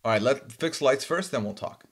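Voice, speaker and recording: A man hosting a live-streamed social deduction game, chatting casually with friends and sometimes yelling. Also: mid-range voice, fairly quick, slightly rough. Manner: animated, bursts into yelling. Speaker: streamer host. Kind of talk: casual gaming chat with friends.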